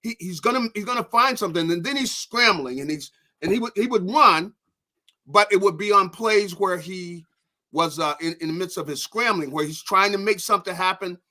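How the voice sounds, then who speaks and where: Rambling male football analyst, bright voice. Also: high voice, fairly quick. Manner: rambling, lots of restarts and "you know". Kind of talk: casual sports talk.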